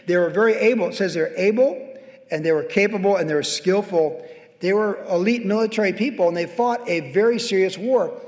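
A middle-aged man, a pastor preaching a conversational sermon that rises to emphatic exhortation, in a church sanctuary. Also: sits high. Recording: long hall reverb.

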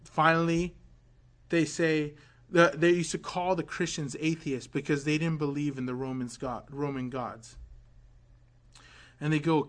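A man preaching a sermon, telling a story dramatically, dropping to hushed quoted words and rising to loud build-ups. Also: on the high side, steady tone, unhurried.

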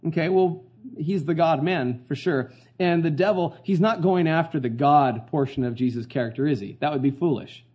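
A man's voice: a little high, moderate pace, dark tone, breathy edge, muffled recording. A man preaching a casual sermon in a conversational, slangy way, often asking the congregation questions. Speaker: pastor.

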